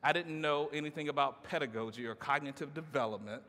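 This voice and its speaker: High-voiced man giving a motivational keynote. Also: fast, sharp tone. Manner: rhythmic, call-and-response style delivery with playful asides. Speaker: keynote speaker. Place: large conference hall. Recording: long hall reverb.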